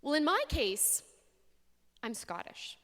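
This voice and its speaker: Young woman from Canada, a slightly high voice, speaker giving an expressive faith story with pauses, heard through long hall reverb. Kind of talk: faith talk to an audience. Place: large hall.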